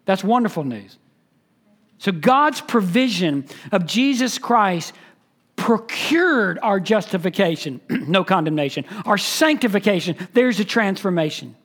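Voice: mid-range voice, lively intonation, a little slow, fairly bright tone. A pastor preaching an expository sermon, emphatic and teaching, repeating key phrases and asking the listeners questions.

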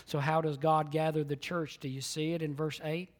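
A man preaching a sermon as pastor, swinging from hushed, near-whispered lines to loud emphatic declarations and repeating key phrases. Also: on the high side, fairly even intonation, normal speed, hardly any pauses.

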